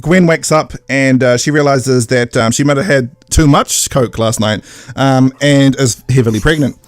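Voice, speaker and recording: A man hosting a casual podcast, recapping an episode jokingly and slipping into quick put-on voices. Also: mid-range voice, no echo. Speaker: podcast host.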